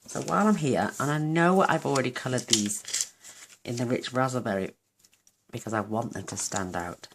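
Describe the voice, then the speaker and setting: A woman's voice: rumbling low, moderate pace, heavy background noise. A woman hosting a card-making tutorial, chatting casually and gushing over her work as she thinks aloud. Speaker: craft channel host.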